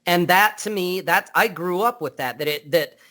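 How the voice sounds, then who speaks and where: A man chats as a guest on a podcast, heard over a Skype call. He is blunt and unfiltered, and he rambles and restarts his sentences. His voice sits somewhat high for a man. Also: moderate pace, sharp tone. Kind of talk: casual interview chat.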